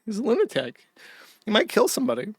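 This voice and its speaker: A man's voice: extremely high pitch, wildly swooping pitch, fast, gravelly, breathy edge, no echo, voice pushed up, full character voice. A man voicing a panicky male staff reviewer who frets in frantic, whispered asides.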